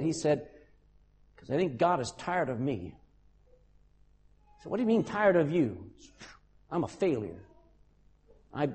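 A man preaching a sermon as a pastor, animated and acting out quotes dramatically. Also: fairly high pitch, breathy edge.

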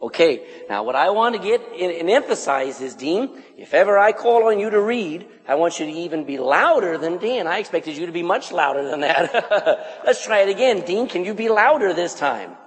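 Male pastor, high, swooping voice, teasing and animated, calls people out from the pulpit, church hall echo. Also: moderate pace, few pauses. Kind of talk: sermon to young men. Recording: echoey hall.

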